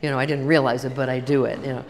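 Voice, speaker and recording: A woman's voice: rumbling low, flat delivery, very fast. An older woman giving a chatty workshop talk to a live audience, telling stories and acting out both sides of conversations. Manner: chatty storytelling, acts out dialogue. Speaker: workshop speaker. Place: large hall with audience. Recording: long reverb of a hall.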